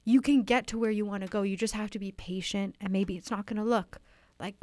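A woman in an improvised comedy interview, earnest and wistful, halting with many restarts, speaking into a studio microphone. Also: mid-range voice, fairly even intonation, darkish tone, no room sound. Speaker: interviewee playing a fictional author.

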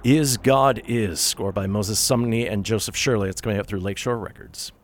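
A male radio host reading out a list of new releases, briskly, with wry asides when he corrects himself. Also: fairly low pitch. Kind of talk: radio music show, listing soundtrack releases.

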